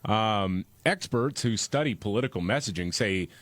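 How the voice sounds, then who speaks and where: A man's voice: fairly low pitch, lively intonation, normal speed, a bit bright, dry recording. Sarcastic man reading news aloud. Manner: sarcastic, mocking asides. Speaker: podcast co-host reading news items. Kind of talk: reading headlines with sarcastic commentary.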